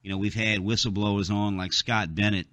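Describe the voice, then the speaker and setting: A man's voice: fairly low pitch, fairly even intonation, brisk, background noise. A man hosting a talk radio show, rambling through a casual monologue with many fillers, and he has the hiccups.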